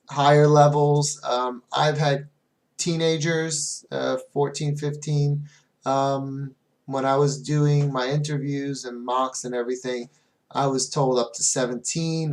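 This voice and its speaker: A man who teaches English online, giving casual advice to fellow teachers, with fillers, and slowing right down whenever he models a phrase. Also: mid-range voice, a little mellow.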